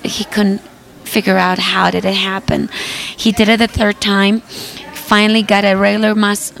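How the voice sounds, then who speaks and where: A woman guest singer giving an earnest faith testimony, retelling scenes by quoting what people said. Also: medium pitch. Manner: earnest storytelling, quoting dialogue.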